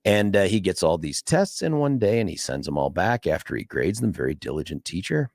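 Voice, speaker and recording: A man's voice: sits low, very animated, fairly quick, a little mellow, no echo, clean studio sound. A man hosting a talk radio show, telling a story in a monologue and acting out the voices of the people he quotes.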